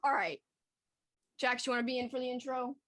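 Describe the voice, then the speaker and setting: Giggly high-voiced woman host. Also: steady tone, a little fast, a bit bright. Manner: giggly, laughs constantly, apologetic. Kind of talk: casual chat.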